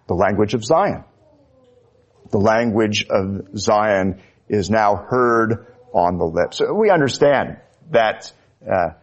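A man preaching a sermon, slow and emphatic, his voice rising when he quotes Scripture. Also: mid-range voice. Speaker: pastor.

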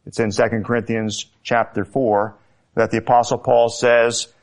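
A man preaching a sermon, slow and emphatic, lifting his voice to stress key words. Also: mid-range voice, level tone, gravelly. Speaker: pastor.

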